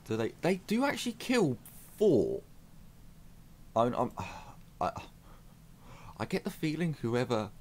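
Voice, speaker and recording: A man's voice: mid-range voice, wildly swooping pitch, slow pace, long pauses, a little mellow. A man giving casual, self-mocking commentary as he plays a strategy game on his channel. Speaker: gaming YouTuber.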